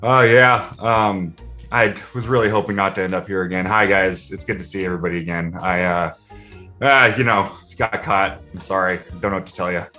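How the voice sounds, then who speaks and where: A man's voice: sits low, steady tone, moderate pace, pushed and bright, soft background music. A man voicing a sheepish male half-orc thief in a tabletop game, who stammers and apologizes.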